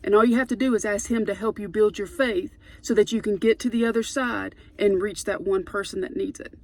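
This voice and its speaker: A woman's voice: medium pitch, steady tone, fairly quick. A middle-aged woman giving an informal sermon in an earnest way, now and then rising to emphatic declarations. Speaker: preacher.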